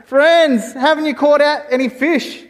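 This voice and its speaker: Preacher guy doing a friendly man yelling out from the beach, higher than his usual voice. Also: moderate pace, long reverb tail. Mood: calling out. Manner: calling out loudly.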